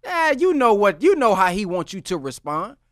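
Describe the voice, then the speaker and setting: Animated man preaching in casual talk. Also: high-pitched, moderate pace, dry recording, clean studio sound. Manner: animated, acts out quoted voices, slangy.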